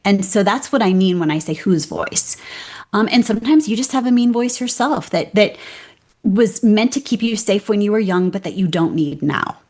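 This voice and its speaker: A woman's voice: medium pitch, normal speed. A middle-aged woman, a keynote speaker, talking in a conversational interview and acting out the voices in her head. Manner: animated, acts out inner voices.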